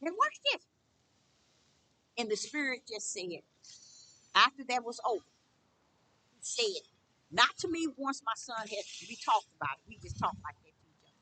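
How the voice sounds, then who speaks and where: A middle-aged woman preaches with a high, bright voice that swings widely up and down. She speaks emphatically and repeats herself as she testifies. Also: sing-song, moderate pace, pauses often, a little hiss or hum. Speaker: spiritual teacher. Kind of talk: preaching monologue.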